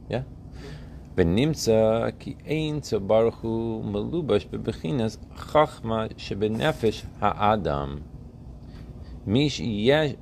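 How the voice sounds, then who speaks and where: A man's voice: lowish voice, creaky, darkish tone, a little hiss or hum. A man teaching a religious text class, often asking his students questions and checking that they follow.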